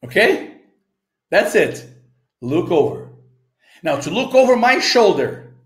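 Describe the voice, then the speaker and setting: Brazilian man as English teacher, slightly high voice with a lively, rising and falling pitch. He speaks slowly, checks in often, and sounds echoey in the room. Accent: Brazilian Portuguese. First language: Portuguese. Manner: slow, repeats phrases, checks in with "okay?" and "right?". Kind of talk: explaining a story lesson.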